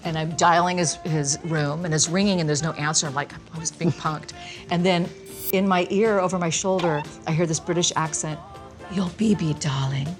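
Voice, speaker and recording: A woman guest telling lively stories in a casual interview, laughing often and acting out quotes. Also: low voice, brisk, faint music behind. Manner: animated, laughing, acts out quotes. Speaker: guest dancer.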